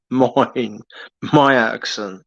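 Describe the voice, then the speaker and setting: A man with a Birmingham accent chatting casually on a late-night live stream, rambling and halting with lots of fillers. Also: mid-range voice, vocal fry, pushed and bright, no echo, highs cut off.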